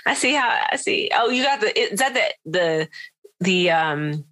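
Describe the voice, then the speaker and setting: A woman's voice: medium pitch, animated, a little slow, sharp tone. A woman hosting a podcast remotely in playful, chatty, teasing conversation. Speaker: podcast host. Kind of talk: casual chat.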